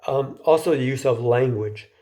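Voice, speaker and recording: A man's voice: medium pitch, normal speed, mellow. A man giving an informal lecture in a conversational way, often restarting and repeating words and asking his listeners questions.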